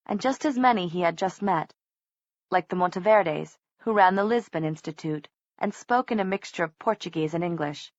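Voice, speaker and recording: A woman reading an audiobook aloud in an even, measured way. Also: medium pitch, dry recording, dull audio. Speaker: audiobook narrator. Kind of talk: scripted narration.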